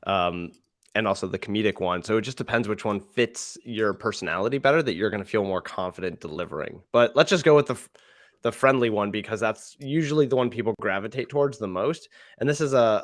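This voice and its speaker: A man with a fairly low voice explains his method in a friendly, casual way. He chuckles easily between points. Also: quick pace. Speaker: sales trainer guest. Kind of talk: casual chat.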